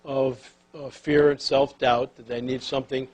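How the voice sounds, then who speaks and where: A man speaking as a guest author, telling stories about leadership in an animated way that drops to a hushed tone at emotional moments. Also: mid-range voice, normal speed, breathy edge, poor audio. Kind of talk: storytelling talk on leadership.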